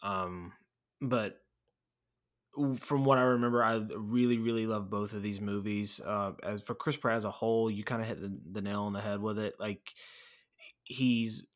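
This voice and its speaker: A man's voice: on the low side, steady tone, normal speed. A man co-hosting a casual film podcast, talking enthusiastically and animatedly about a movie scene. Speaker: podcast co-host.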